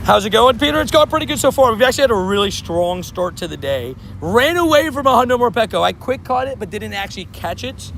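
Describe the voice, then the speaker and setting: A high-voiced man with a gravelly edge runs a live stream outdoors. He chats loosely with his viewers, rambling and laughing easily. Faint traffic noise hums behind him. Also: a bit bright. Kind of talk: casual live-stream chat.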